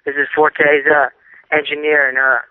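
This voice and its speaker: A man's voice: on the high side, little pitch movement, normal speed, no echo. A man calling in by phone as an engineer and manager, rambling with many fillers. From San Francisco Bay Area. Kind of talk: phone-in update. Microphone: telephone. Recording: dry tinny phone line.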